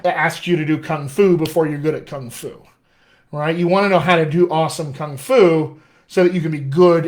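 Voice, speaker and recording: A man working as a dialect coach, answering viewer questions in a casual live session, upbeat and encouraging. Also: on the high side. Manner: upbeat, encouraging, chatty with restarts. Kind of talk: live-streamed Q&A, casual teaching.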